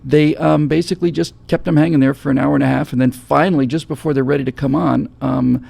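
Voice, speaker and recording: A man hosting a casual talk show, telling a travel story in a lively way and slipping into a calm pilot voice now and then. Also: fairly high pitch, fast, gravelly. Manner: animated storyteller, mimics a calm airline pilot. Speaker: host. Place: studio set, seated.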